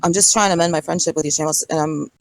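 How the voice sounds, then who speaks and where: A woman's voice: deep voice, steady tone, rapid-fire, no room sound, low-quality recording. A woman, a server owner, defending herself in a voice-chat argument, pleading and explaining.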